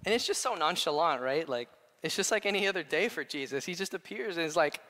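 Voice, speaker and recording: A male pastor preaching a sermon, animated, swinging between quiet asides and loud declarations. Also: fairly high pitch, quick pace. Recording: long hall reverb.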